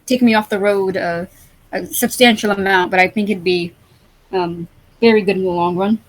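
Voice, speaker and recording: A woman's voice: medium pitch, steady tone, moderate pace, close to an everyday voice, rough recording. Woman playing a skinny nervous young cleric: stammering, apologetic, a bit scatterbrained. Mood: flustered. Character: skinny jittery young male priest, flustered and forgetful.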